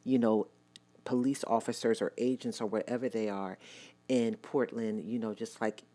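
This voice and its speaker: A woman with an unusually deep, low voice gives a casual movie review on her vlog. She talks straight to her viewers in a chatty, emphatic way and states her opinions firmly. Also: steady tone, moderate pace, mellow. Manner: chatty, addresses viewers directly.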